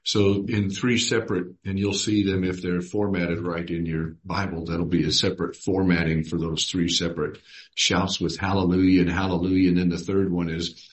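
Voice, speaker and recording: A man's voice: low voice, little pitch movement. A man leading a Bible study, reading verses aloud and putting questions to his group. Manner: unhurried, reads scripture aloud and asks the group questions.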